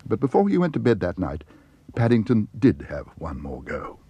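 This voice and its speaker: A man narrating a cartoon storybook in a gentle, wry way. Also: fairly low pitch, huge pitch swings, normal speed, breathy edge, dry recording, muffled recording.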